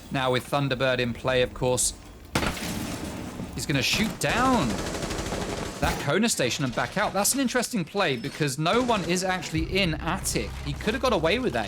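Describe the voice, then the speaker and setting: Excitable esports caster over gunfire. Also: male voice, noisy background. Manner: excitable, rising in pitch at big plays, chatty asides to chat. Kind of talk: solo play-by-play commentary. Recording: game gunfire and clicks behind. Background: game gunfire and clicks.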